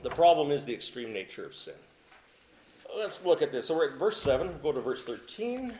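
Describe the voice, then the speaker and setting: A man delivers a sermon with a lively, rising and falling voice that sits slightly high for a man. He builds to loud, emphatic peaks, then drops to low, quiet asides. His voice carries a roomy echo, as in a church sanctuary. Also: normal speed. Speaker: pastor. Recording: echoey room.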